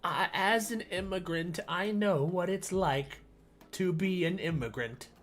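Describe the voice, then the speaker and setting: A man's voice: high-pitched, unhurried, fairly bright tone, pitched above the performer's own voice. A man putting on a mocking, whiny voice of a self-pitying official, dragging the words out in a sarcastic sing-song. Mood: mocking whine.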